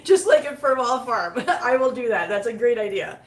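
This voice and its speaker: A woman's voice: a little high, sing-song, moderate pace. A woman chatting casually with her live viewers while cleaning litter boxes at home, laughing often and talking to her cats. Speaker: cat vlogger reading live chat. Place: home with many cats, litter box area. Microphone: phone set up nearby. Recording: echoey room.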